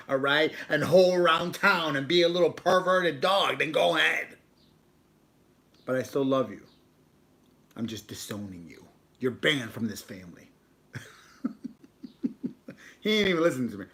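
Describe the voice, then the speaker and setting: A man talks loosely and playfully to his live viewers, teasing his dog between rambling asides. His voice sits at an ordinary middle pitch. He keeps a casual, joking chat going the whole time. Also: fairly bright tone. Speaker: livestream host.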